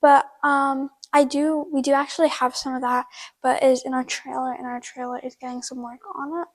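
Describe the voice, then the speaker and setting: High-voiced woman giving a casual how-to. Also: flat delivery, brisk, rough recording. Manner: chatty, lots of "like" fillers, talks while working. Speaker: horse-care video host. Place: horse barn.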